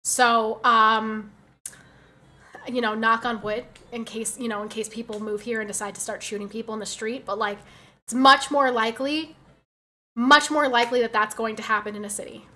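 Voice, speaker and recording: A woman's voice: a little high, steady tone, normal speed, sharp tone. A young woman with a slight New Jersey accent, streaming and chatting casually with viewers in a blunt, sarcastic way. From United States. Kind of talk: casual chat reading viewer messages.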